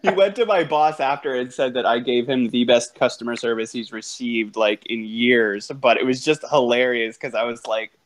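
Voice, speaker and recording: A man hosts a loose, unscripted chat show in a mid-pitched voice. He tells stories bluntly and swears freely, with lively, animated delivery. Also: normal speed. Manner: blunt, profane, animated anecdotes. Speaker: host and podcast teacher. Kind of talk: casual chat.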